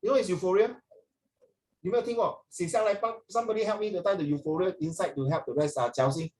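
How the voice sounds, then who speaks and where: A man's voice: sits high, fast talker, darkish tone, a little hiss or hum, rough recording. Playful male teacher. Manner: switches between English and Mandarin; playful, teasing. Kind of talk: casual classroom lesson.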